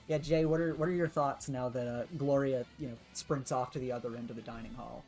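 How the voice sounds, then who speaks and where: A woman narrates a tabletop game as the game master. Her low voice rambles casually with many fillers. Faint music plays underneath. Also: brisk, hardly any pauses. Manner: filler-heavy, relaxed narration.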